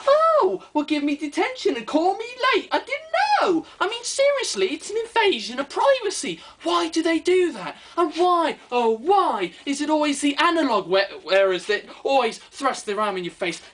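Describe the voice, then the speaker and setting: A man voicing a shrill, indignant man who wears an analog watch and squeals with offense. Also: big pitch swings, moderate pace, hardly any pauses, a bit bright, slight background noise, exaggerated voice.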